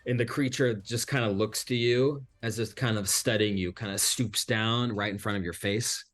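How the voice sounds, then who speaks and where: A man narrating a tabletop game as game master, pausing often and filling gaps with hesitations. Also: on the low side, steady tone, fairly bright tone. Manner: halting, many fillers.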